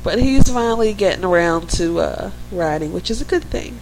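A woman's voice: on the low side, lively intonation, normal speed, a little mellow, a little hiss or hum, poor audio. Chatty woman podcast co-host. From Philadelphia–New Jersey area. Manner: chatty, talks straight to listeners. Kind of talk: casual chat.

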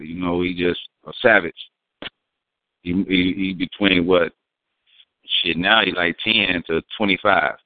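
A man's voice: deep voice, smooth, no echo. A man in casual, profane, rambling talk, explaining slang terms and acting out quotes. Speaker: guest. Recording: dry, phone-like sound.

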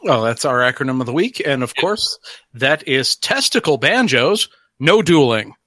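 A man co-hosting a podcast, reading out trivia notes and slipping in deadpan gags. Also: medium pitch, moderate pace, no room sound. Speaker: podcast co-host. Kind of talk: reading notes in casual chat.

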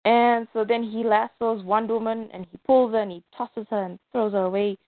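A woman narrating a superhero toy story in an animated, playful way. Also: a little high, a little fast, no room sound. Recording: tinny phone-like dry sound.

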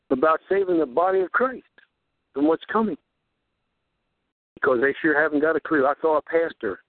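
A man hosting a radio show, preaching in a fervent, repetitive ramble and rising high on rhetorical questions. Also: no room sound. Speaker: radio host. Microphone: handheld recorder. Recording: tinny phone-like radio audio.

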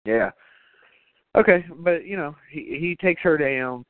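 A man co-hosting a podcast, chatting casually and profanely about horror movies with excitement and jokes. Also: fairly high pitch, a little slow, no room sound, narrow, tinny audio. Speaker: podcast co-host.

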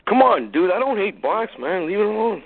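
A high, wildly swinging male voice comes through a tinny, noisy phone line. He argues in a rising heat, pleading one moment and yelling the next. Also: big pitch swings, brisk. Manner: agitated, pleading and shouting by turns. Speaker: caller. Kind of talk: heated phone-line argument.

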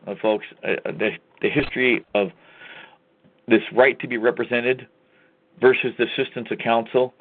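A man's voice: mid-range voice, moderate pace, husky. A man hosting a talk radio show, delivering a combative, folksy monologue and often calling the listeners "folks". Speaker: radio host. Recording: tinny phone-line sound.

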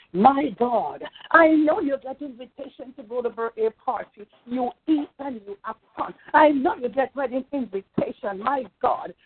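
A woman pastor preaching a fervent sermon, repeating phrases and calling out praise. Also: high voice. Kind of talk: sermon over a phone line. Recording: tinny phone line.

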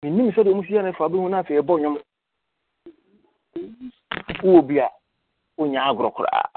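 A man's voice: high voice, lively intonation, brisk, vocal fry. Older man on a tinny phone line. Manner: storytelling, mixing English words into his speech. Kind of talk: reminiscing casual chat.

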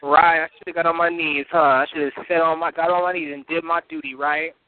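A man's voice: fairly high pitch, little pitch movement, a little fast, no room sound. A man in heated, profane trash talk, boastful and laughing between insults. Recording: tinny phone-like line.

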